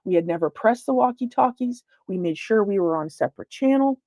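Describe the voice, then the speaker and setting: A woman's voice: mid-range voice, animated, brisk, a little mellow, no room sound. A woman paranormal investigator giving an informal virtual lecture, talking conversationally with many fillers and restarts. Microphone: computer mic on a video call.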